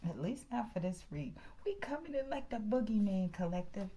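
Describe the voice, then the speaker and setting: A woman's voice: mid-range voice, animated, moderate pace, dark tone. Chatty tarot-reading woman, half-whispering. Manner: chatty, slips into whispers, says "okay" constantly. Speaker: tarot reader.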